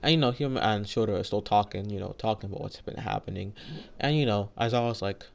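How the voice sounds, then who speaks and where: A man's voice: on the low side, a little fast, gravelly. A young man casually retelling a fan-made story, rambling with lots of fillers and restarts.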